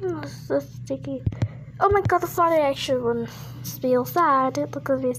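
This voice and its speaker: Very high-pitched emotional young woman. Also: normal speed, noisy background. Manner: emotional, exclaiming and half-crying. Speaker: reaction video host. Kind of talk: reacting to a video and singing along.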